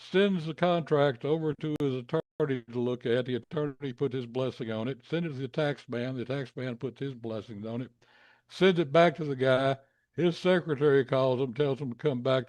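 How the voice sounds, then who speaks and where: A man casually telling a long anecdote, acting out the people in it with big jumps in his voice. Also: no echo. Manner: animated, acts out quoted voices with pitch jumps.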